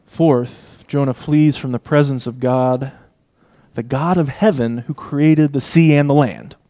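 A man preaching an expository sermon, emphatic, swinging between loud declarations and hushed asides. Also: mid-range voice, measured pace.

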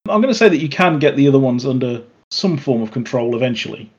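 A man narrating a tabletop game as game master, calm and descriptive. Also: medium pitch, quick pace, highs cut off.

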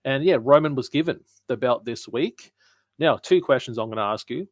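A man's voice: medium pitch, normal speed, no room sound. A man co-hosting a casual wrestling chat, talking things through in an analytical, explaining way. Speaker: podcast co-host.

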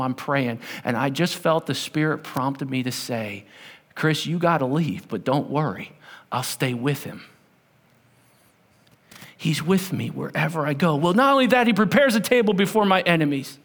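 Male pastor, high voice, dramatic sermon delivery, big reverberant hall. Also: a little fast, vocal fry, hardly any pauses. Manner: storytelling, swinging from loud to hushed.

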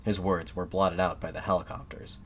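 Male narrator, low-pitched, even and measured documentary read. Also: a little hiss or hum.

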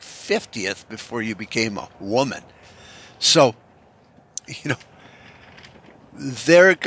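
A man rants off the cuff in a bright, forceful voice, swearing freely and doubling back on his words. His delivery is sarcastic and rambling, at an everyday pitch. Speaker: commentator. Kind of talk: unscripted ranting commentary.

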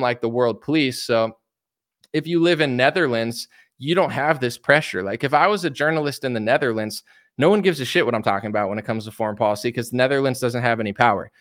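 A man's voice: medium pitch, fairly bright tone. An American man in casual commentary, rambling and repeating himself, reading viewer comments. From United States. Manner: rambling, repeats words, many likes and you-knows. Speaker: commentator reacting to news.

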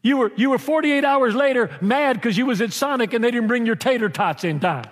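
A pastor preaching a sermon in an animated, humorous way, acting out voices. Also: male voice, very high voice, a little fast. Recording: church hall with long reverb.

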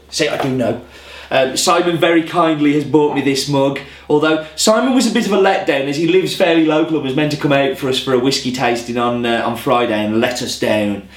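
Chatty man in a roomy echo. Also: mid-range voice. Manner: chatty and rambling, self-deprecating asides. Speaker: host of a coffee vlog. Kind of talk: casual chat to camera.

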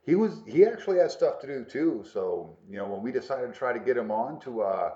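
Man, podcast host, easygoing, laughs a lot, lively pitch, echoey room. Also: a little fast, lo-fi sound. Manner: easygoing, laughs often, goes along with the jokes. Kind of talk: casual podcast chat.

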